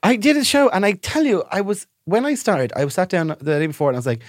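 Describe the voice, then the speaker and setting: A man co-hosting a comedy podcast, telling stories in an excitable, animated way with bursts of laughter. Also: sits high, quick pace, no echo, studio quality. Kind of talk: casual chat.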